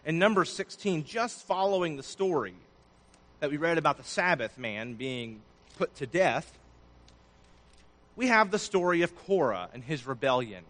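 A man's voice: fairly high pitch, big pitch swings, moderate pace. Man preaching with swelling, dropping volume. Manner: preaching with sudden swells and drops in loudness. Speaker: pastor. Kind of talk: sermon.

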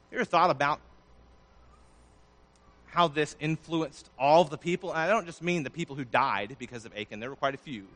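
A man preaching a sermon, his voice swelling loud and then dropping low. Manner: preaching with sudden swells and drops in loudness. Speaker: pastor.

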